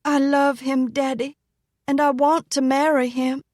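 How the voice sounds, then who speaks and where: A woman's voice: high-pitched, flat delivery, unhurried, a little mellow, dry recording, studio quality, pitched above the performer's own voice. A woman voicing a young daughter who pleads with her father to let her marry. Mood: pleading.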